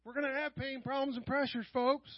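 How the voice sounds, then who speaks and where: Middle-aged guy preaching in church, high voice, dry dull live-stream sound, goes quiet then loud. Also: little pitch movement, a little fast, no room sound. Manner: swings from quiet asides to loud raised passages. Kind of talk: sermon. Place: church sanctuary.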